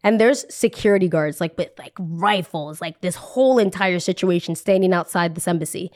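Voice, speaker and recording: A woman's voice: lowish voice, moderate pace. Chatty New woman telling a story. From New Jersey. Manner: animated, chatty, acts out the people she quotes. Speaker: podcast host telling a story. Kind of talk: casual storytelling.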